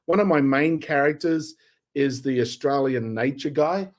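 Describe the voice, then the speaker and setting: An easygoing man chats as a guest on a live show. His voice sits a little high and he talks with casual ease. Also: a little slow, darkish tone. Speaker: guest comedy performer.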